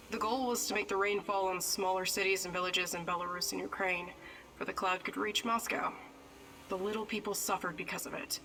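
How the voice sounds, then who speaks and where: A woman's voice: mid-range voice, pushed and bright, recorded from a distance, close to an everyday voice, poor audio. An actress playing a bitter female stalker who speaks in a grim, matter-of-fact way.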